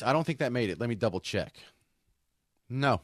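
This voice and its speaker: A man's voice: medium pitch, lively intonation, normal speed, dry recording. A man co-hosting a casual talk show, rambling and often restarting his sentences. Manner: rambling, self-interrupting with restarts. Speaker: co-host.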